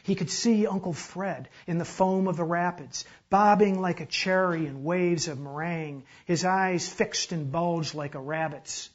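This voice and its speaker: A man reads a literary story aloud with measured, dramatic narration. His voice sits slightly high for a man, and the recording has a dull, lo-fi quality. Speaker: reader.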